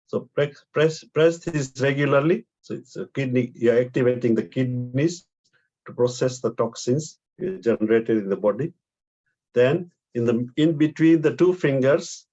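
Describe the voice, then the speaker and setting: A man teaching a therapy class, giving calm step-by-step instructions for breathing exercises and pressure points. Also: medium pitch, muffled recording. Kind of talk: guided breathing and acupressure class.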